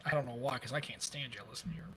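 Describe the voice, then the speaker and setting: An American man co-hosting a podcast in casual chat, animated and quick to jump in with laughs. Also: medium pitch, husky. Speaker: podcast co-host.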